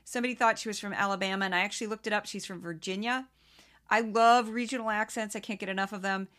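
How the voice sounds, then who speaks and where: St. louis woman hosting a podcast, candid chatty asides, laughs a lot, bright voice. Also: mid-range voice, fairly even intonation, quick pace. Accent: St. Louis Southern-Midwestern. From St. Louis, US Midwest. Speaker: podcast host. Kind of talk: casual commentary on news clips.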